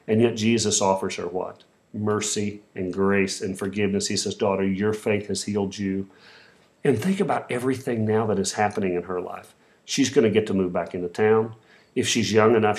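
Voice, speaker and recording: Low-voiced male pastor retelling a story. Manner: retells the story with voiced quotes, some restarts. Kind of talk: sermon.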